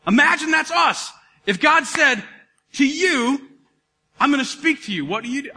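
A man in his thirties preaching a sermon to a congregation, animated and calling out to the crowd. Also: very high-pitched, moderate pace, breathy edge. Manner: animated, calls out to congregation, acts out dialogue. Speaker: pastor. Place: church hall. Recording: live hall recording with reverb.

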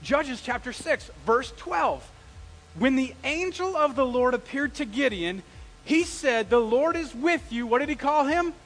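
A man preaching a sermon as pastor, conversational and animated, asking the congregation questions and dropping into casual slang. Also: extremely high pitch, measured pace, poor audio. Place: church sanctuary.

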